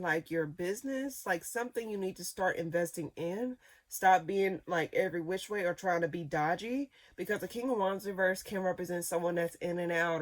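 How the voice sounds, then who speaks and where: A woman giving a casual tarot reading, talking in loose rambling sentences full of fillers, restarts and repeated phrases. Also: fairly low pitch. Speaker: tarot reader.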